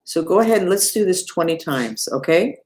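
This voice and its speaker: A woman who teaches mantras and meditation, giving an unhurried live-streamed lesson and talking straight to her viewers. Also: on the low side, animated, a little mellow. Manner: unhurried, talks to viewers and reads the chat aloud.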